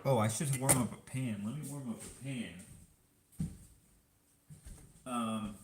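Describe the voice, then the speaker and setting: Cooking in his home kitchen amid clattering sounds, a man from Canada chats loosely with his live stream audience. He's a vlogger with a medium-pitched voice and an even, moderate pace.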